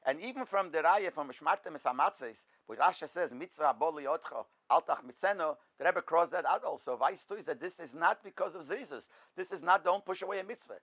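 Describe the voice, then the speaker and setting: High-voiced rabbi teaching, dull recording. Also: male voice, brisk, hardly any pauses, a bit bright. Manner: poses questions and answers them himself. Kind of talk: in-depth Torah lecture.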